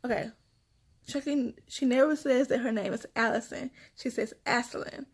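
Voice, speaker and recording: A young woman and mother, casually telling her viewers a story in a chatty, animated way and repeating her phrases as she goes. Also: a little high, moderate pace, breathy edge. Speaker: mother vlogging about her kids.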